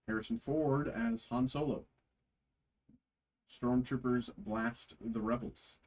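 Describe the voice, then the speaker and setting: A man hosting a trading card break, reading card names aloud slowly with frequent fillers. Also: medium pitch, fairly even intonation, darkish tone, low-quality recording.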